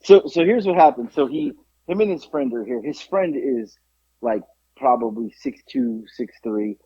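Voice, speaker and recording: Animated husky-voiced man telling a story. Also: mid-range voice, moderate pace, no room sound. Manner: animated storytelling, swearing, laughing often. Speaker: podcast co-host. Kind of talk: casual chat. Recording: dry, dull lo-fi sound.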